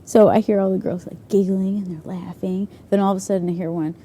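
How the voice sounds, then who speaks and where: A young woman youth leader chats casually and tells stories in a bubbly, giggly way, saying "like" a lot. Her medium-pitched voice is warm, fast and fairly even in intonation.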